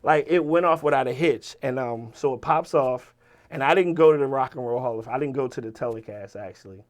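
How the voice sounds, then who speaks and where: A man with a Virginia accent, a rapper telling stories as an interview guest in a casual, animated way, swearing and acting out the people he quotes. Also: mid-range voice, a little fast. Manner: animated, profane, quotes people in lively voices. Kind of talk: casual storytelling.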